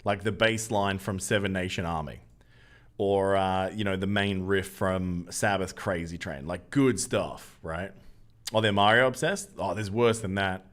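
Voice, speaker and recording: A man's voice: deep voice, steady tone, unhurried, a bit bright. Australian man chatting on stream. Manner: jokey, loose banter, reads out chat and answers. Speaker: game streamer. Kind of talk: casual live-stream chat with viewers.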